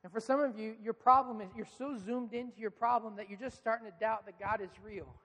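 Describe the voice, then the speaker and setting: High-voiced pastor preaching in a hall. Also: male voice, steady tone, brisk, a bit bright. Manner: earnest, questioning the congregation. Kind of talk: sermon. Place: church.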